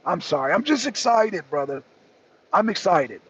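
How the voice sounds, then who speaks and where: A man hosting a political talk show, excitable and argumentative, pressing his co-host with repeated questions. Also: high-pitched, moderate pace, a little hiss or hum. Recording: dull lo-fi recording.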